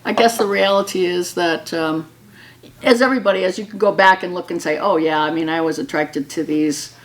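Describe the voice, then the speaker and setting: A woman's voice: on the low side, brisk. Chatty older woman from Wisconsin. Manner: warm, chatty, laughs often. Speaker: storyteller. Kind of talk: casual storytelling to an audience.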